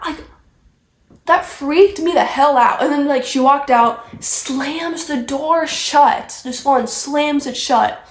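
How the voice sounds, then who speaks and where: High-voiced young woman rambling a story. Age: young adult. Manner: rambling, heavy use of "like". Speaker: vlogger. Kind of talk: casual storytime chat. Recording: echoey room.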